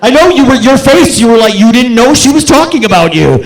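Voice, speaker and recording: A man's voice: very high voice, very animated, fairly quick, echoey room, low-quality recording. A man hosting a film Q&A as festival director, giving an effusive thank-you speech and repeating words for emphasis. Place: theater auditorium.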